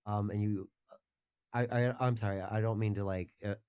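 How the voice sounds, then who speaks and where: A man's voice: lowish voice, steady tone, normal speed, a little mellow, clear, resonant tone, dry recording. A man as a guest in casual podcast chat, telling a gaming story in a rambling way with many restarts.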